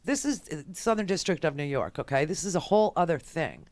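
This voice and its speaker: A woman's voice: sits low, big pitch swings, brisk, darkish tone, no echo, clean studio sound. A woman talk radio host giving a sarcastic, ranting political monologue.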